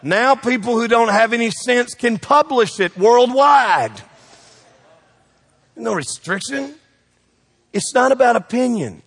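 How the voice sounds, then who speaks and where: A man's voice: very high voice, expressive, breathy edge, long reverb tail. A man preaching a sermon as pastor, joking with the congregation and throwing questions back at them. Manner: preachy and joking, quick shifts in loudness, call-and-response questions.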